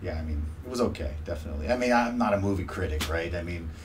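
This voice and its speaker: Low-voiced, animated male interview guest. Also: quick pace, background noise. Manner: animated, laughing storyteller. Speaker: podcaster guest. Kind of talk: casual interview chat.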